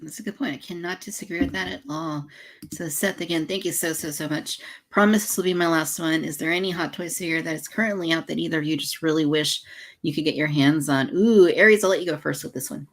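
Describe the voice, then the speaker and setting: A woman with a low voice hosts a casual livestream. She chats and laughs, and she reads out viewer messages as she goes. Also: quick pace. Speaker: livestream host.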